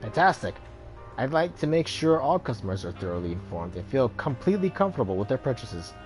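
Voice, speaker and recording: A man's voice: medium pitch, sing-song, a little fast, darkish tone, soft background music, lightly acted. A man voicing a nervous, shifty male drone seller in a video game, with salesman patter.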